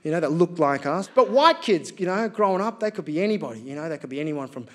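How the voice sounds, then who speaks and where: A man's voice: fairly high pitch, sing-song, quick pace. An Australian man performing live stand-up comedy on a theatre stage, chatty and storytelling with punchy asides.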